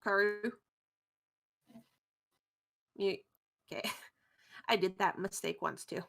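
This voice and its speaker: Slow-talking woman game master. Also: medium pitch, fairly even intonation, gravelly, fairly bright tone. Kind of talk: narrating a tabletop game.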